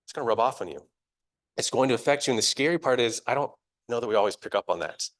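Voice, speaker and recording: A man's voice: medium pitch, expressive, fast. A young adult man preaching live in a church, talking in a casual, chatty and self-deprecating way, often laughing at himself. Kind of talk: conversational sermon.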